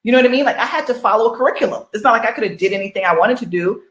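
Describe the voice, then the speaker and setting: A middle-aged woman gives a casual motivational talk as an online business coach, circling back with rhetorical questions and repeating herself. Her voice sits slightly high, and the room around her has a noticeable echo. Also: rapid-fire, fairly bright tone. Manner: repetitive, rhetorical questions, chatty.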